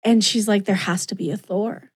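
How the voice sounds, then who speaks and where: A woman's voice: medium pitch, fairly even intonation, moderate pace, slightly rough. A woman co-hosting a podcast in casual chat, gushing and emotional, acting out quotes as she goes. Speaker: podcast co-host.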